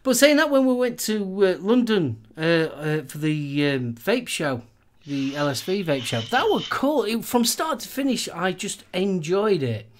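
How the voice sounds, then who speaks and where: A man's voice: high voice, sing-song, unhurried. A Yorkshire man hosting a casual chat, agreeable and hesitant with lots of fillers. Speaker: host.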